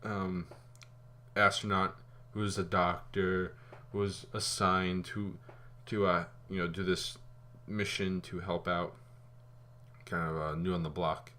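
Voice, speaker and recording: A man giving a casual spoken movie review, rambling and animated, with fillers and some swearing. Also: low voice, takes it slowly.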